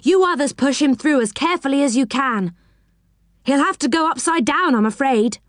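A woman voicing a practical, helpful boy in a storybook, giving quick instructions. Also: high-pitched, no room sound, clean studio sound, pitched above the performer's own voice, close to an everyday voice. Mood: urgent. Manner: practical and take-charge.

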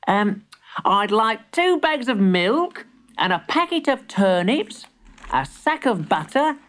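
A woman's voice: on the high side, very animated, slow, fairly bright tone, voice pushed up, exaggerated voice. Woman voicing an earnest little boy. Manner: eager and polite. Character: polite, earnest little boy, a granny's grandson. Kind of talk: storybook character voice.

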